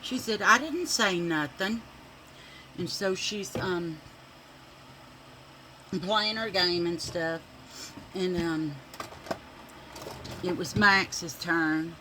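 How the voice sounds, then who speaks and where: A woman's voice: on the low side, fairly even intonation, drawn-out words, long pauses, sharp tone, slight background noise, poor audio. A woman telling rambling stories while doing her makeup at home. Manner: chatty, rambling, with many fillers. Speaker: makeup vlogger.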